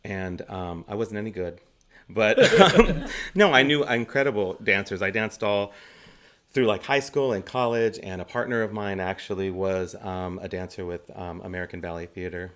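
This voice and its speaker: A man's voice: low-pitched, normal speed, fairly bright tone. A man in his forties, a guest actor on an interview show, telling chatty anecdotes and laughing often between stories. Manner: gives practical stage tips.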